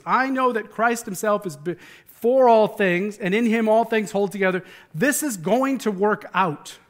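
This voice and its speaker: High-voiced man preaching a conversational sermon. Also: a bit bright. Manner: earnest, emphatic, with frequent repeated words. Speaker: pastor.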